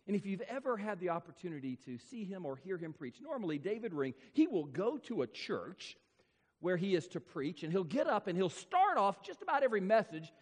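Male pastor, high voice with wide swings, emphatic sermon delivery, long hall reverb. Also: big pitch swings. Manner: emphatic, repetitive preaching with dramatic slowdowns.

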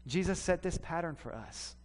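High-voiced pastor preaching in a reverberant hall. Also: male voice, normal speed. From American South. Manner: storytelling, animated, swings between loud and hushed. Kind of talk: sermon. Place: church sanctuary.

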